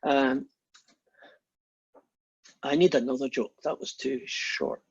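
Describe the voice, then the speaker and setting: Chatty math teacher guy on a video call, husky voice, lots of ums, muffled lo-fi audio. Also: medium pitch, fairly even intonation, slow pace. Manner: chatty, joking, with many fillers and restarts. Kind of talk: casual online lecture. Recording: dull lo-fi online call audio.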